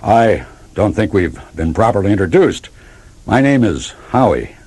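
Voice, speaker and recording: Storybook dog hero, jumpy and earnest, played by a male reader, husky edge. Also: lowish voice, very animated, unhurried, a little mellow, full character voice. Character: young male farm dog, nervous but stubborn.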